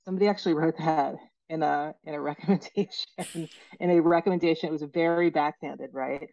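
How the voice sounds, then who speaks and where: A woman guest with a low voice tells relaxed anecdotes in easy podcast conversation. Her audio is muffled and lo-fi. It is very dry, with no room sound. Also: fairly quick, creaky, dry recording. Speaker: author guest.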